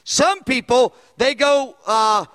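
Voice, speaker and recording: A man preaching a sermon and teaching a Bible study, animated, and acting out dialogue when he tells stories. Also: very high voice, takes it slowly, clear, resonant tone. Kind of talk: sermon with storytelling.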